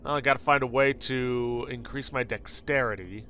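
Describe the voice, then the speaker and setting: A man's voice: medium pitch, moderate pace, sharp tone, slight background noise. A man hosting a game playthrough, reading the game's text aloud and adding wry, dry asides. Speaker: let's play host.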